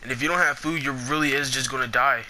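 Young male gamer, bright edgy voice, quick to curse, faint keyboard clatter behind. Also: mid-range voice, slight background noise. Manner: excitable, swears a lot, trash-talks opponents. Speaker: gameplay commentator. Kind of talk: casual gameplay commentary.

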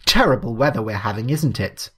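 A man voicing a cheery, fussy gentleman on holiday who talks in a chatty, formal, over-polite way in a read-aloud story. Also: mid-range voice, expressive, fairly quick, husky.

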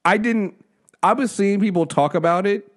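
A man's voice: high voice, moderate pace. A man hosting a podcast in casual chat, rambling, swearing freely and laughing often. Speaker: podcast host.

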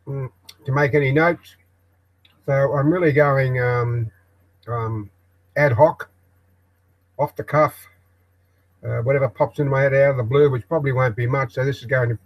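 An older Australian man hosting a live broadcast from his shed office, rambling in a halting way with many ums and restarts. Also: medium pitch, poor audio. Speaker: live stream host.

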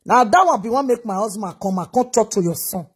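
A woman's voice: medium pitch, expressive, fairly quick, breathy edge. A Nigerian woman giving a reaction vlog, lecturing in a preachy way and repeating her advice over and over. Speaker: commentator.

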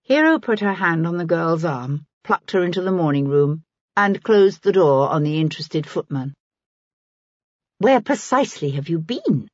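A woman reading a historical novel aloud as an audiobook narrator, in a measured storytelling manner. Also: sits low, animated, no echo, dull audio. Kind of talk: scripted narration.

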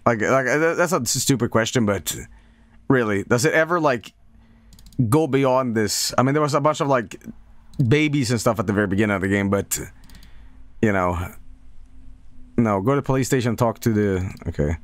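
A man's voice: medium pitch, moderate pace, long pauses, no echo. A man streaming a game, rambling and sardonic in casual commentary, laughing often.

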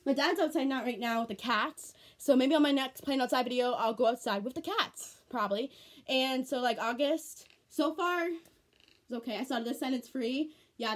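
Teenage girl, high voice, rambling casual vlog talk, earnest. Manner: rambling, repeats herself, fond and earnest. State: tearful, on the verge of crying. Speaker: vlogger.

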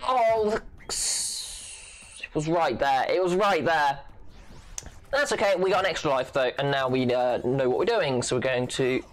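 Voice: medium pitch, moderate pace. A gaming channel host giving playful, goofy let's-play commentary, full of silly sound effects and chatter.

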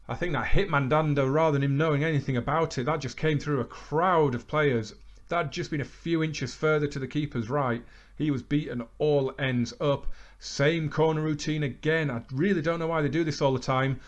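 A man hosting a football management game let's play, calling the action with bursts of excitement, then talking calmly through results. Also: on the high side, normal speed. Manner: excitable match commentary, relaxed recap. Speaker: gaming channel host.

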